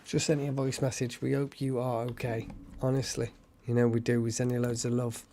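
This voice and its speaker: Gravelly, chatty man hosting live. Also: medium pitch, a little fast, a little hiss or hum. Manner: chatty, thanks viewers by name, excitable. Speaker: live stream host. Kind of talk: casual live stream chat.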